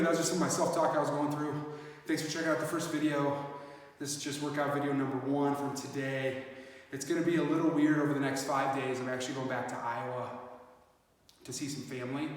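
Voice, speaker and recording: A man in a casual fitness vlog, talking reflectively with many fillers, recorded on a phone set up some distance away. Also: mid-range voice. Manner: rambling, reflective, lots of fillers. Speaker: fitness vlogger. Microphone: phone camera set up at a distance. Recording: echoey, roomy, from far off phone.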